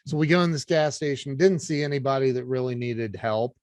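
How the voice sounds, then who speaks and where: A man's voice: medium pitch, brisk, no room sound. Earnest middle-aged man, dry close sound. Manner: animated storyteller, earnest and faith-driven. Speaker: podcast guest. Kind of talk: casual storytelling chat.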